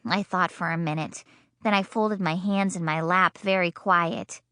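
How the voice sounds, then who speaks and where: Woman reading a kids book, slow and bouncy, bright and dry. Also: on the low side, clear, resonant tone, dry recording. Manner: bubbly, childlike and lively. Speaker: audiobook narrator. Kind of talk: first-person children's audiobook narration in a child's voice.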